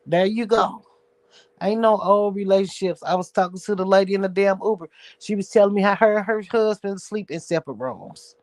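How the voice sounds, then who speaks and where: A high-pitched man holds forth in a sassy, foul-mouthed livestream rant as host of his own show. His delivery is blunt and unfiltered. The sound is dry and close, with no room around it. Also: a little fast, darkish tone, dry recording. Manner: blunt, profane, sassy ranting.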